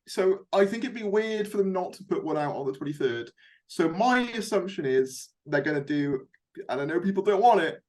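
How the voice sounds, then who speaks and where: Young male host, slightly high voice, loose rambling chat. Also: a little mellow. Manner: chatty, rambling with fillers. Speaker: YouTube host. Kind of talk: casual fan discussion.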